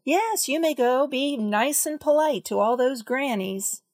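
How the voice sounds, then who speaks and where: Kindly storybook father, read by a woman, slow, a touch high, dry close sound. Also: expressive, darkish tone, no echo, full character voice. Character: friendly father giving a young boy permission.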